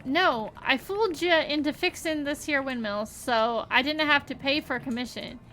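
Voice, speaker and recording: Brief: a woman acting as a scheming country rancher, put-on Southern drawl, bright and brassy. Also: high-pitched, moderate pace, slight background noise. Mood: folksy. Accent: put-on rural Southern drawl. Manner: folksy, theatrical boasting. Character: scheming folksy male rancher, boastful.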